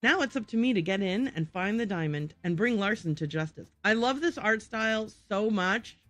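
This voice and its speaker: A woman's voice: medium pitch, lively intonation, moderate pace, no echo, soft background music. A woman game streamer chatting live to her viewers, giggly and self-deprecating. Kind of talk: live gaming commentary.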